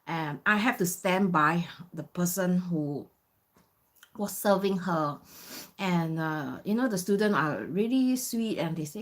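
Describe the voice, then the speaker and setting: A woman's voice: on the low side, slow pace. A woman in her fifties from Singapore, casually telling a story with many "you know" fillers. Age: 50s. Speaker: vlogger.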